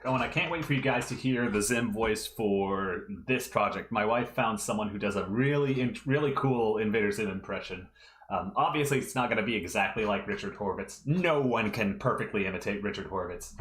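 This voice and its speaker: Low-voiced man thinking aloud while drawing. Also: a bit bright, roomy sound, slight background noise. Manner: talks through his work step by step, thinking aloud. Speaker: livestreaming fan artist. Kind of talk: casual livestream commentary while drawing. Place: room at home.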